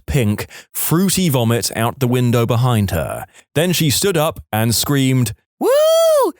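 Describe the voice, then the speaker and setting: A man narrating internet stories for a podcast in a scripted, animated reading style. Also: mid-range voice, no echo, clean studio sound. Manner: animated reading, shouts quoted lines.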